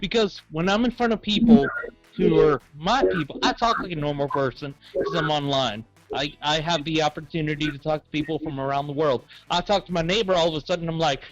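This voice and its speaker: A man from the American South spins a loose, rambling comic story. His Southern accent stays thick the whole way, and he slips in bits of other people's voices as he goes. The sound is a little dull, with soft music underneath. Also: a little high, fairly quick.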